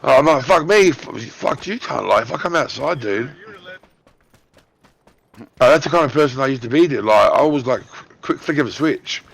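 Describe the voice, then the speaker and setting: A man in his thirties with an Australian accent, loudly telling a story on voice chat while gaming, swearing heavily. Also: mid-range voice, moderate pace, vocal fry, pauses often, slight background noise. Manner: loud, excitable, heavy swearing. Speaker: gamer on voice chat. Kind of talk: casual chat telling a story mid-game.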